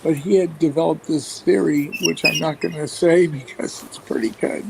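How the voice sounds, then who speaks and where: A football coach and play caller with a gravelly, somewhat high voice swaps casual anecdotes about his staff in a radio interview. At a moderate pace and even pitch he rambles, fills, restarts and chuckles often, over a faint hiss.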